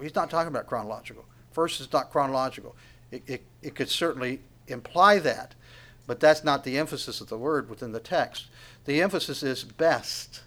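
A man's voice: a little high, a bit bright. A middle-aged man preaching a sermon in an earnest, emphatic way, often restarting his sentences and acting out quotes.

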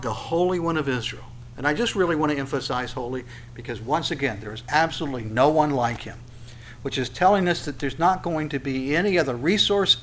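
A man preaching a sermon, animated, asking rhetorical questions and repeating phrases for emphasis. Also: a little high, slight background noise. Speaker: pastor.

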